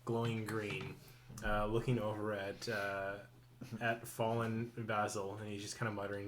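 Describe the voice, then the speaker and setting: A man playing a tabletop game, describing his character's actions in a relaxed, hesitant way. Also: fairly low pitch, normal speed. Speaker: player. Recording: background noise.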